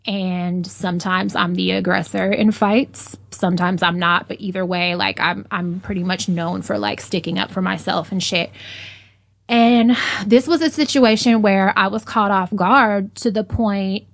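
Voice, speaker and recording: A woman speaks in a mid-pitched voice, close and dry, with no room around her. She tells her story bluntly and swears freely. She grows louder and more animated as she relives it. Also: a little slow, vocal fry, no room sound. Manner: blunt, profane storytelling, animated when retelling. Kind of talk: casual podcast conversation.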